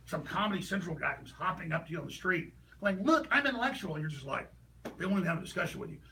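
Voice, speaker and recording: A man delivering an impassioned, ranting political monologue as a talk show host, heated and rapid with sudden bursts of shouting. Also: on the high side, creaky, far from the mic, low-quality recording.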